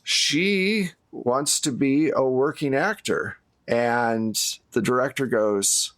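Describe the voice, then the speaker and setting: A man narrating a tabletop horror game as game master, in a relaxed, chatty way. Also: medium pitch, takes it slowly, few pauses.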